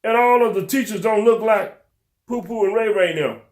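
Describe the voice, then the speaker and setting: A man's voice: high-pitched, moderate pace. A man hosting a local talk show, scolding his audience with fervent rhetorical questions in a preacher-like style. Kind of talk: preacher-like call-and-response commentary.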